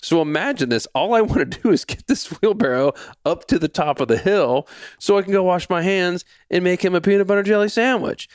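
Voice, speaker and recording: A man's voice: sits high, brisk, no room sound, clean studio sound. A man in his forties hosting a podcast, telling a personal story that leads into a faith lesson, repeating phrases and acting out what people said. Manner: lively storyteller who acts out quoted lines and repeats himself. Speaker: podcast host.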